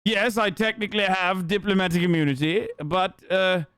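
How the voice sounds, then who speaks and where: Sarcastic streamer guy, kinda high voice, dry close mic, riffs and swears a lot. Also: fairly even intonation, moderate pace, a bit bright, clean tone, no echo. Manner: sarcastic, profane, riffing mock impressions. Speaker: streamer reacting to a video. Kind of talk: casual reaction commentary.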